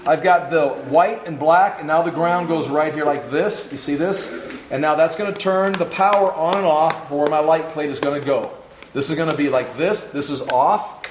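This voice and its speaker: A man's voice: a little high, moderate pace. Man teaching wiring in an echoey classroom. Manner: step-by-step, checks that students follow. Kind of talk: hands-on classroom demonstration. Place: classroom workshop. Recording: echoey classroom, faint noise.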